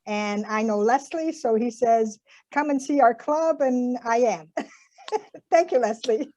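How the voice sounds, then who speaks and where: Slow, mellow-voiced woman guest. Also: on the high side. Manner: relaxed and conversational. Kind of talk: casual introduction on a video call. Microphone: video call. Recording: muffled online call audio.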